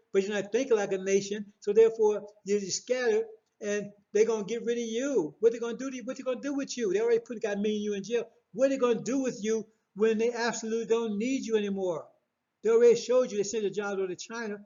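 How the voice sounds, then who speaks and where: High-voiced preacher man, dull recording. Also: warm tone. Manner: preachy, repetitive, confrontational, rhetorical questions. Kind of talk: sermon.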